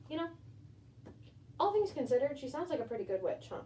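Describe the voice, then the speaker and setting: A homesteader who keeps rabbits and hosts a channel reads a storybook to a baby rabbit at home, chatting to her pet in between. Her voice is high, sing-song, fairly quick and slightly mellow, recorded from a distance in an echoey room with faint background noise.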